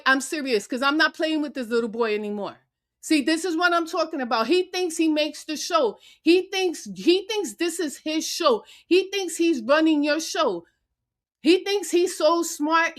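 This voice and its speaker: A woman's voice: high voice, animated, normal speed. A woman guest on a live-stream panel, angrily ranting at her critics with cursing and repeated taunting challenges. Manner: angry, confrontational, cursing. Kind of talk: heated live-stream rant. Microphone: remote call into a live stream.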